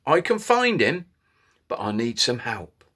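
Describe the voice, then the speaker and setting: A man's voice: medium pitch, very animated, a little slow, a bit bright. A man voicing an earnest young male wolf in a children's story. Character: brave young male wolf, slow but determined.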